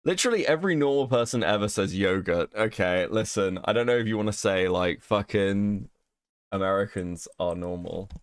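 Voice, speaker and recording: A young man talks loosely on a livestream, his pitch jumping all over as he swears and jokes. The sound is dry and close to the mic, with no room around it. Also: moderate pace, smooth, no room sound. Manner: swearing, animated and joking. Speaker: streamer co-host. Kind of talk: casual livestream chat.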